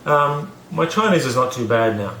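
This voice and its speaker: A man's voice: medium pitch, expressive, moderate pace, fairly bright tone, reverberant, slight background noise. A man casually telling a story to camera, rambling with many fillers and restarts, poking fun at himself. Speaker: vlogger teaching about learning.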